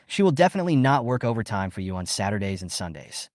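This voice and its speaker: A man's voice: fairly low pitch, sing-song, fast talker, dry recording, studio quality. A man voicing a worried young woman coworker who warns her friend.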